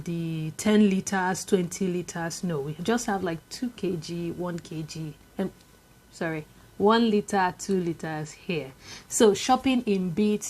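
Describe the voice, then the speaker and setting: A woman's voice: on the low side, a little mellow. A young woman with a Nigerian accent, chatting casually to camera in a vlog, with many fillers and repetitions. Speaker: vlogger.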